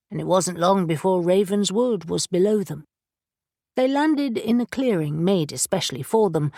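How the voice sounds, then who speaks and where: Slow, measured woman narrating a fantasy audiobook. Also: on the low side, no room sound, studio quality. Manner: measured, even storytelling. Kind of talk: scripted narration.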